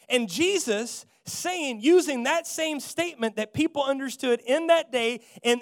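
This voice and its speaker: A man's voice: extremely high pitch, measured pace, few pauses. A man preaches a sermon. He hammers on key phrases, saying them again and again, and draws amens from the congregation. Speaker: pastor.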